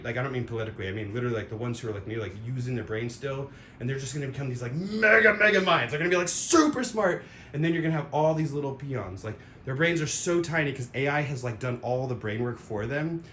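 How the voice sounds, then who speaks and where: A man giving a casual, rambling opinion monologue, full of fillers and sound effects. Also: a bit bright. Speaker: vlogger. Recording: roomy echo with faint rumble.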